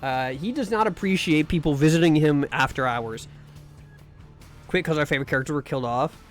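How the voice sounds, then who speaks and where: A man's voice: fairly high pitch, fairly quick, soft background music. A man streaming live, chatting casually and rambling with jokes while playing a game. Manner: rambling and joking, with restarts and mock pleas. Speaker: streamer and VTuber. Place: home room.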